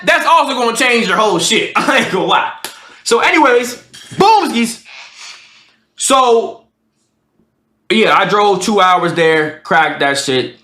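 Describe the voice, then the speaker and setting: A young man in his twenties tells a crude personal story in a loose, profane storytime style. His pitch leaps all over the place as he acts out what other people said. The room gives his voice a noticeable echo. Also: sharp tone. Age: 20s. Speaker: streamer telling a story. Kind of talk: casual storytime. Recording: roomy echo.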